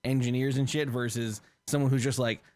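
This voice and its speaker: A man co-hosting a casual podcast, with a mid-pitched voice. He swears easily and trips over repeated words as he makes his point. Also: fairly even intonation, brisk, darkish tone. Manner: swears casually, stammers on restarts. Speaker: podcast co-host. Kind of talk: casual chat.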